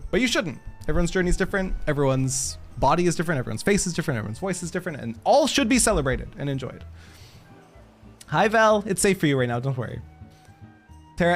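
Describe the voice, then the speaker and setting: A man streaming a game, chatting casually with his chat, animated, laughing often and swearing freely. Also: on the high side, brisk, soft background music.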